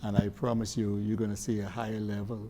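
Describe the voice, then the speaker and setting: A man guest on a talk show describing a cycling committee's work, measured and hesitant with fillers. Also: on the low side, level tone, background noise.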